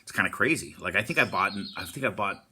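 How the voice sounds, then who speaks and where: A man's voice: fairly low pitch, expressive, fast, bright, forceful tone, husky. A man giving a casual, upbeat motivational talk, repeating himself often and using surfer slang like "stoked.". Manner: upbeat, encouraging, repetitive. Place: Hawaii.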